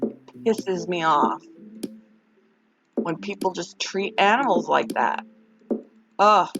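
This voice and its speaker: A woman's voice: on the low side, noisy background. A woman live-streaming a puzzle game, venting and sighing as she chats with viewers. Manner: upset and venting, sighing, talks slowly. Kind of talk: casual live-stream chat while doing a puzzle. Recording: dull lo-fi sound with music behind. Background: background music.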